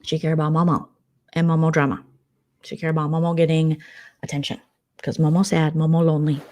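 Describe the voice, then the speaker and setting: A vlogger chats casually through gossip commentary in a deep, level, warm voice at a brisk pace. She's sarcastic and talkative, prone to wandering off on tangents.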